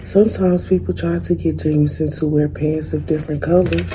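A young woman, a student, reading a children's picture book aloud in a gentle, unhurried way. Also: deep voice, steady tone, background noise. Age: young adult. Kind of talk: storybook read-aloud.

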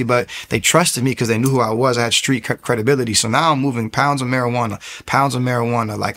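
A young adult man recounts his personal testimony in a rapid, earnest flow. He restarts his sentences often and pushes his voice up into loud, intense bursts as he relives key moments. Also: medium pitch. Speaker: testimony speaker.

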